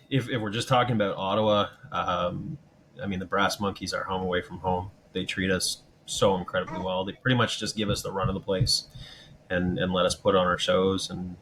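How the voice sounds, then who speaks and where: Low-voiced male band member, even and unhurried in a casual interview, faint hiss behind. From Canada. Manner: steady, thoughtful, many "um" and "you know".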